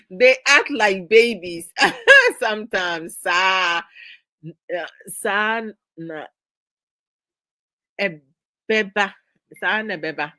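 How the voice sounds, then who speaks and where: Speaking in a mid-range, slightly bright voice without echo, this middle-aged host chats casually with viewers on her live discussion stream. She lectures them with exasperation, laughing often along the way.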